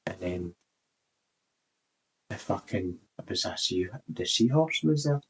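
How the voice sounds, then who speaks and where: A man's voice: low-pitched, expressive, slow pace, slight background noise, poor audio. A man vlogging in a meandering, rambling casual chat, swearing casually.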